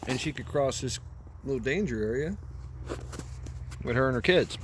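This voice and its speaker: Into a camera mic beside an outdoor path, a man rambles through a movie retelling, cursing casually and laughing at his story. His medium-pitched voice is expressive at a normal speed, over a noisy background.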